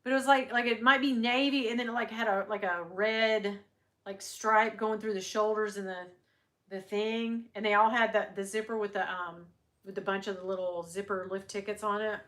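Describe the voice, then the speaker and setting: A woman's voice: mid-range voice, level tone, normal speed, a bit bright. A middle-aged woman hosting a casual livestream, chatting and rambling with her viewers and laughing often. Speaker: livestream host. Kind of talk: casual chat with live viewers.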